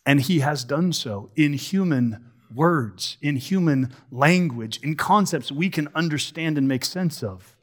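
A preacher delivers a sermon emphatically and expressively, posing questions and slowing down to stress key words. His voice is a touch higher than most men's.

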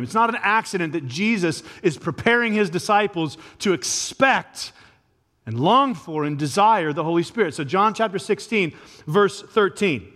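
A pastor's voice, pitched high and fairly bright with lively intonation and normal speed, carries a sermon that starts conversational and swells into emphatic peaks. The sound rings with a large hall's long reverb.

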